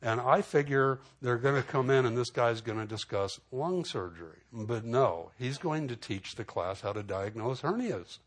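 A man preaching in a storytelling way, casual and full of "you know" fillers and restarts, getting animated as he retells conversations. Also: mid-range voice, moderate pace, hardly any pauses. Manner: animated when retelling exchanges. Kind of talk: storytelling sermon testimony.

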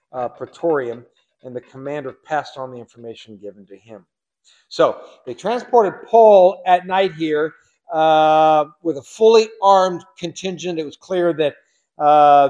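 Brief: a man of average pitch preaching in an easygoing way, with dry asides to the congregation. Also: darkish tone. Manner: conversational, wry asides, frequent fillers. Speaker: pastor. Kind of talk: sermon with scripture reading and commentary.

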